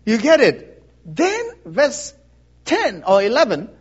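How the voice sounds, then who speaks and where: A man's voice: very high-pitched, slow pace, husky, dull audio. A man preaching an interactive Bible teaching, often asking the congregation if they understand and laughing along. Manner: animated, asks the congregation questions, laughs often. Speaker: pastor.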